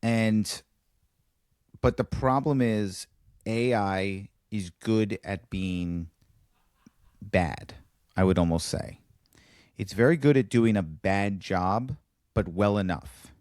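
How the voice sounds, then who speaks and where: Male podcast co-host, low-pitched, animated stand-up storytelling, dry studio mic. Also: slow, pauses often, no echo. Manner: animated storyteller, acts out dialogue with big pitch jumps. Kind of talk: casual chat, telling a stand-up bit.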